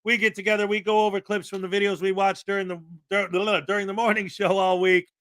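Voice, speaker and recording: A man hosting a casual livestream commentary show, his voice high and bright. He talks loosely, with plenty of fillers and easy laughter. The sound is dry and close. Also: level tone, brisk, dry recording. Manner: chatty, with frequent fillers and laughter. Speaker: livestream host.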